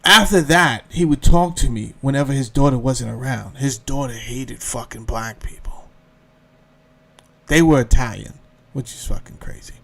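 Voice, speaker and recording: A man's voice: mid-range voice, normal speed, vocal fry. A man hosting a podcast, telling a comedic story with lots of profanity and acted-out quotes. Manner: profane, animated, acts out quotes. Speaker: podcast host.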